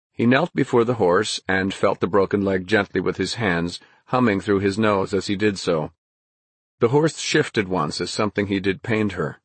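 A man narrating a storybook audiobook in a measured, even way. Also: fairly low pitch, breathy edge, no room sound.

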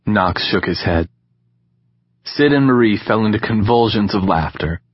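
A man narrating an audiobook in a calm, measured reading style. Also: lowish voice, breathy edge, dry recording, dull audio. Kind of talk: scripted narration.

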